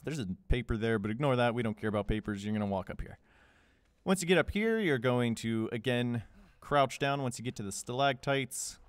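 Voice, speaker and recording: A man's voice: medium pitch, dry recording. A young man narrating a game walkthrough in a casual, joking way, with sarcastic asides. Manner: joking, sarcastic asides with goofy put-on quotes.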